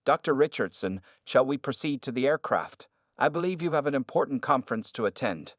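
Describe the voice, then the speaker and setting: A courteous woman pilot speaks quietly with calm assurance, voiced by a man narrator. Her delivery is polite and steady. The sound is close and dry. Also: mid-range voice, brisk, dry recording, lightly acted.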